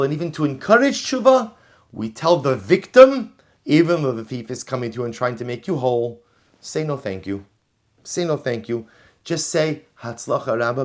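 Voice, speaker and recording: A man, a rabbi, giving an emphatic Torah lesson, reading phrases and repeating key lines for emphasis. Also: mid-range voice. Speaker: rabbi teaching. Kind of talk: Torah class lecture.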